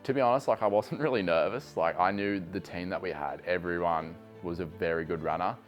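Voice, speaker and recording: A man's voice: low-pitched, brisk, lo-fi sound, soft background music. An easygoing runner who chuckles as he talks in a casual interview. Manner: easygoing, chuckles while talking.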